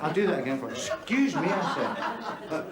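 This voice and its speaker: In a TV drama, an actor plays a brash, crude club comic from Belfast, telling bawdy jokes on stage in a Belfast accent. His voice is fairly high and very animated at a moderate pace, rising over a noisy crowd. The echoey club hall is full of laughing audience members.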